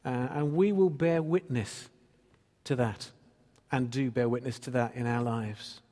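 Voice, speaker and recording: A man's voice: mid-range voice, unhurried, warm tone, big-room sound. A man preaching a sermon as pastor, earnestly reading and explaining scripture.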